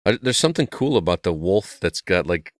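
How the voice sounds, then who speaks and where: Very deep-voiced easygoing man. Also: very animated, brisk, dry recording, clean studio sound. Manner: easygoing, leads the talk. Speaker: podcast co-host. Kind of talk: casual chat.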